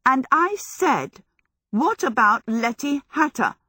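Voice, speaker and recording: A woman voices a blunt, stubborn heroine in a stern, insistent manner, pitching her mid-range voice above her natural one. Her delivery has lively intonation, a moderate pace, and a fairly bright tone, recorded in clean studio sound with no room echo.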